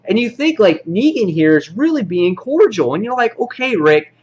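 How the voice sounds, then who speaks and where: A man casually reviewing a comic book, rambling excitedly and acting out the characters' lines. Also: high-pitched, normal speed, husky, highs cut off.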